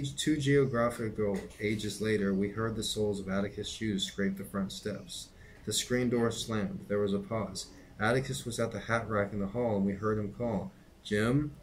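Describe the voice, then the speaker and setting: A middle-aged man reading a novel aloud in a steady, unhurried way, with occasional casual asides to his listeners. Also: on the low side, slight background noise, poor audio. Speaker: reader and teacher.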